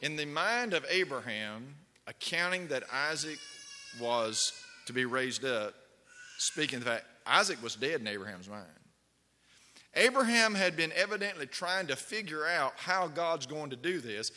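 Preaching at normal speed, a pastor with a fairly high, expressive, sharp-toned voice weaves stories into his sermon and asks the congregation questions. The room gives a long hall reverb.

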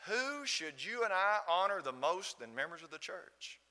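A man's voice: high voice, lively intonation, measured pace, sharp tone. A man with a Southern accent from Alabama, preaching a sermon and telling a story, asking the congregation questions. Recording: long hall reverb.

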